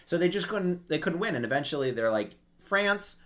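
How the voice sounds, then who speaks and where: A man giving casual history commentary, telling stories in an animated way and acting out quotes. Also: a little high, quick pace. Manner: animated storytelling, acts out quotes.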